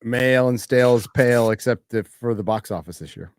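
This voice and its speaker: A man's voice: mid-range voice, fairly quick, dry recording. A man hosting a casual live-stream chat, reading out donations with laid-back, chuckling asides. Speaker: show host reading out donations.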